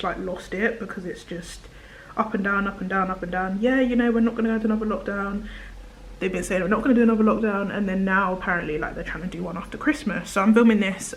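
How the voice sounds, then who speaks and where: A young woman chats through her makeup routine at home in a loose, rambling way, leaning hard on "like." Her voice sits mid-range and now and then drops to a soft whisper. It is filmed on a tripod camera with faint background hiss. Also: medium pitch, low-quality recording. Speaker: beauty vlogger. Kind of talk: chatty get-ready-with-me monologue.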